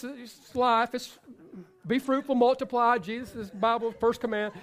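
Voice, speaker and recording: A male pastor preaching a sermon, passionate and repetitive, swinging between loud exhortation and quiet asides, joking with the congregation. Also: very high voice, steady tone, moderate pace, clean tone. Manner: repeats phrases for emphasis, jokes with the congregation.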